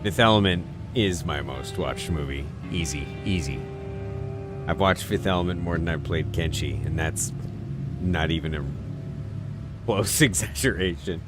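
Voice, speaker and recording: A man's voice: low voice, moderate pace. A man streaming a video game, rambling to himself with casual commentary and frequent chuckles. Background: music.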